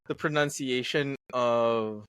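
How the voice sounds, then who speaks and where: A man's voice: medium pitch, slow, fairly bright tone, smooth. A man from Canada co-hosting a podcast, talking in casual chat in a hesitant way with frequent fillers. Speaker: podcast co-host.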